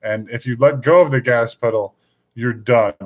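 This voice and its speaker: A man hosting a live stream in a loose, rambling way, cracking jokes and laughing at his own lines. His voice sits at a middle pitch for a man. He talks the way people talk among friends. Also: moderate pace. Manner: joking, rambling, laughs often. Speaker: podcast host. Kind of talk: casual live-stream chat.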